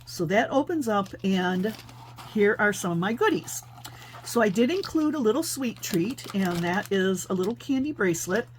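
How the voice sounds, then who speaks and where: A chatty woman with an animated, mid-range voice hosts a casual paper crafting show-and-tell, showing off her creations at a moderate pace. She thinks aloud with lots of fillers, and there's slight background noise.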